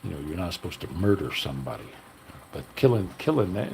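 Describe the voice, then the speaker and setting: A man's voice: low voice, sing-song, fast, gravelly, darkish tone, slight background noise, rough recording. An older man chatting casually on a livestream, telling loose, profane, folksy stories to viewers. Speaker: livestream host. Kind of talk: casual rambling chat to live viewers.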